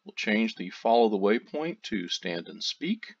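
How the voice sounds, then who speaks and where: A man narrating a software tutorial, walking through steps one by one with loose, casual phrasing. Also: lowish voice, a little slow. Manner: steady step-by-step explaining, loose phrasing. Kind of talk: screen-recorded tutorial narration. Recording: dull lo-fi audio.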